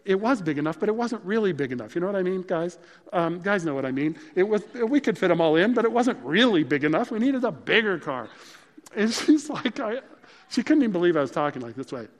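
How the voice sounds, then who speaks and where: A man's voice: sits high, sing-song, fairly quick. A man preaching a sermon, telling personal stories in a conversational, humorous way. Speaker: pastor. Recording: long reverb of a large hall.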